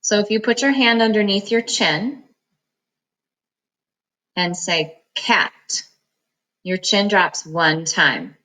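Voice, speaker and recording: A woman teaching a reading lesson, sounding out words slowly, syllable by syllable, for students. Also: mid-range voice, sharp tone, poor audio. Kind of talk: phonics lesson.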